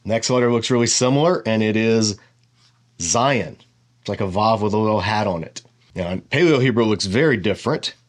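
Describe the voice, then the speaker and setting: A man giving a casual whiteboard lesson as a Bible teacher, explaining step by step and thinking aloud with asides. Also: mid-range voice.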